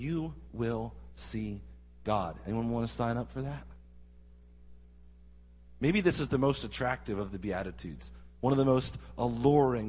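Guy preaching a sermon, husky voice, big reverby hall, keeps asking the crowd questions. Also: mid-range voice. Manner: animated preaching with rhetorical questions to the congregation. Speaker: pastor.

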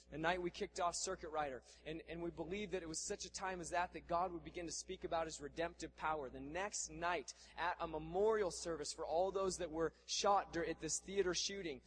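Fervent high-voiced male preacher. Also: in a large hall, slight background noise. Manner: shouting, fervent, swings from loud to quiet. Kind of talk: sermon.

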